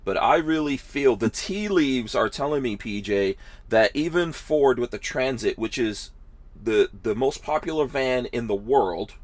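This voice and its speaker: A man hosting a podcast, explaining things in a steady, conversational way. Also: medium pitch, a little slow, dry recording. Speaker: podcast host. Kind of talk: casual podcast interview.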